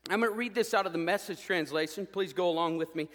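A man preaching a sermon as pastor, fired up and swinging between loud declarations and hushed asides. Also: high-pitched, fast, long reverb tail. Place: church sanctuary.

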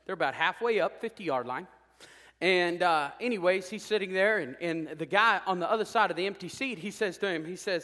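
A man's voice: high-pitched, brisk, bright, forceful tone. A man preaching a folksy sermon to a congregation, joking and driving his points home with emphatic peaks. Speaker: pastor. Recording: reverberant hall.

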